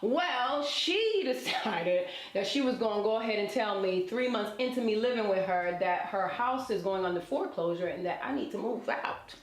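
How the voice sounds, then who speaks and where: A woman in her thirties, an interview guest and relationship coach, telling her life story in a lively, colloquial way and talking straight to her listeners. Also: mid-range voice, moderate pace, few pauses. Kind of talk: personal storytelling in conversation. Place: indoor event space. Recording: roomy echo.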